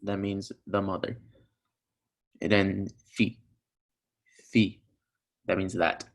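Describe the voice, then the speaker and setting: A man's voice: low voice, completely flat delivery, a little slow, vocal fry. A young man teaching a recorded language lesson, patiently explaining each sound step by step and repeating examples.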